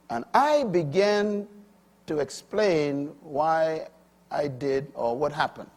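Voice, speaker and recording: A middle-aged male preacher with a husky, slightly high voice delivers a sermon in a dramatic style. He drops to quiet, confiding asides, then climbs to loud, emphatic peaks and shouts out his key points. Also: lively intonation, slow pace.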